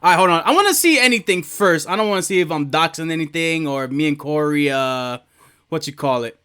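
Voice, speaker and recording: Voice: mid-range voice, animated, fairly quick, pushed and bright, clear, resonant tone. A streamer chatting casually, rambling, swearing and laughing often while setting up a video.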